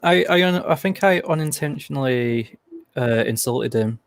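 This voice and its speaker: A man's voice: medium pitch, expressive, normal speed, clear, resonant tone, no echo. A man joining a livestream over a video call, chatting casually with dry, self-deprecating humor. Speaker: guest on a live stream. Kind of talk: casual chat.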